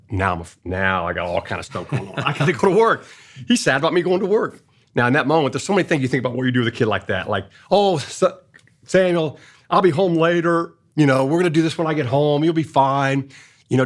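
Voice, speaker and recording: Husky older man telling a story. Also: mid-range voice. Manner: earnest, drops to a soft hush when quoting his tender words. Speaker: speaker telling a personal story. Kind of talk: casual storytelling in a faith-based talk.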